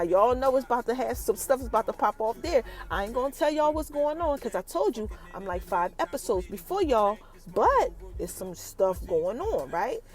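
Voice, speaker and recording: A woman hosting a podcast, recapping a TV episode in a lively, chatty way and talking straight to her listeners. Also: a little high. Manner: animated, chatty, addresses listeners directly. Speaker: podcast host.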